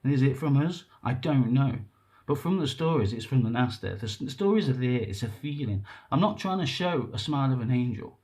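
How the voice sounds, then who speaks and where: A man talking to camera in an emotional, rambling monologue, halting and earnest, breaking off and restarting. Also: medium pitch, lively intonation, darkish tone. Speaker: vlogger.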